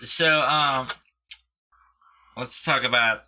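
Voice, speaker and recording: A man's voice: mid-range voice, very slow, sharp tone. A man co-hosting a comedy podcast, chiming in with short remarks and questions in casual chat. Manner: brief interjections and questions. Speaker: podcast co-host.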